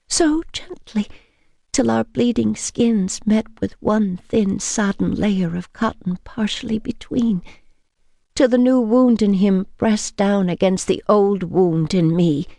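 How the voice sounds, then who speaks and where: A woman reading a novel in first person as an audiobook narrator, measured and intimate. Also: mid-range voice, gravelly, warm tone, no echo, studio quality.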